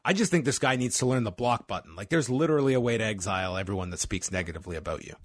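Animated man recapping a match. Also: on the low side, rapid-fire, no room sound, clean studio sound. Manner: play-by-play recapping with laughs and asides. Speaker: wrestling podcast co-host. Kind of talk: casual recap chat.

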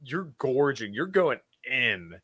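A man's voice: mid-range voice, very animated, slow pace, a bit bright, slightly rough. A man on a podcast, hesitant and stammering as he complains about eating noises. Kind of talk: casual banter.

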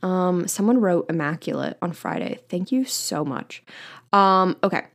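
Young female podcaster, slightly low voice, bubbly and casual, solo chat. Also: animated, a little slow, gravelly. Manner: chatty and bubbly, reading listener comments aloud. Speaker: podcast host.

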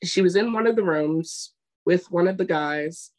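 On this casual podcast, a co-host with a voice on the low side and a little mellow speaks at a measured pace. When she retells a scene she's emphatic, quoting people in their own voices.

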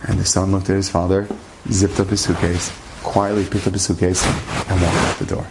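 A man's voice: low-pitched, little pitch movement, moderate pace, noisy background. A man telling a religious story as a lesson, earnest, acting out the dialogue and using Hebrew terms.

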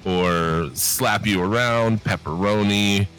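A man co-hosts a casual podcast, talking in a low voice with a bright, forceful edge. He rambles, swears often, and leans on fillers. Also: slow, soft background music. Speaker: podcast co-host. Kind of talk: casual chat.

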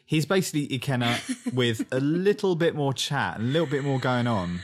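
A young English man co-hosting a casual podcast chat, animated and fond of mocking other people's lines in funny voices. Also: mid-range voice, moderate pace. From England. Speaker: podcast co-host. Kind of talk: casual chat recapping a reality show.

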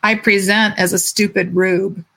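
A woman's voice: mid-range voice, flat delivery, measured pace, vocal fry, noisy background. Wry woman on a video call. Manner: wry, self-deprecating humor. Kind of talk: casual group chat over video call.

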